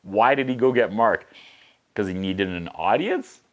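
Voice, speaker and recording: A man hosting a casual movie recap, making sarcastic, joking asides and slipping into quick voices for the characters. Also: lowish voice, lively intonation. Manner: casual, profane. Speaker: host.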